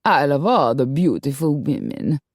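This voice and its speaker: A woman voicing a suave, smug male Latin lover who murmurs low and slow with a Latin accent. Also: dark tone, husky, no echo, studio quality, full character voice.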